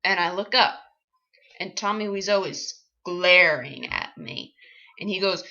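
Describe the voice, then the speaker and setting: A woman actress telling a comic personal story, animated and wry, with sarcastic asides. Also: fairly low pitch, a little slow, highs cut off.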